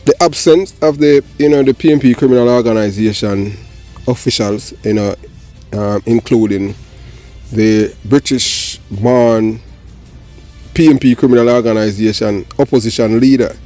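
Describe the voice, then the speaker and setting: A man's voice: mid-range voice, moderate pace. A Jamaican man hosts his channel in casual commentary. His tone is sardonic and dry, and faint music plays underneath. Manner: sardonic, rises to loud animated ranting. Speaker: channel host.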